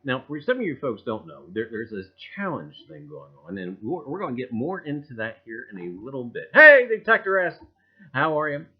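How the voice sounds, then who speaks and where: A man hosting a casual livestream, rambling and greeting viewers by name with loud cheerful bursts. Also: mid-range voice, big pitch swings, a little fast, hardly any pauses, breathy edge. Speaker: livestream host. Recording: dull lo-fi stream audio.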